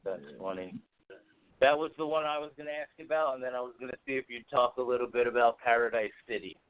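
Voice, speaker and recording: A man's voice: medium pitch, fast, clean tone, no room sound. A man co-hosting a radio show, calling in remotely and chatting easily. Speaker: radio co-host. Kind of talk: casual interview chat. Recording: tinny phone line, dry.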